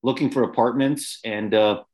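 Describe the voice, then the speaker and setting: A man's voice: mid-range voice, steady tone, normal speed, a little mellow. A man talking casually on a podcast, recalling old production days in a loose, rambling way. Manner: rambling, with fillers and restarts.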